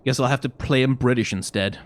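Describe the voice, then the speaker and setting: A man's voice: mid-range voice, fairly quick. A man casually commenting on a game he is playing, wry and jokey. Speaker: let's play streamer.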